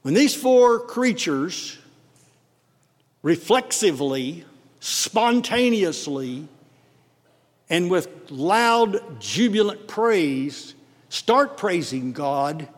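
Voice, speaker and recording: A male pastor with a Texan accent delivers a sermon at a slow, deliberate pace. His voice sits a little high and rises hard on words he stresses. The sound carries a long hall reverb. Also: very animated. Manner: emphatic, swelling on key words, rapid asides.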